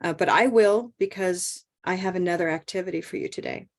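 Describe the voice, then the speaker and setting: A woman teaching English pronunciation in an online group lesson, encouraging and stretching out stressed words slowly. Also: fairly low pitch.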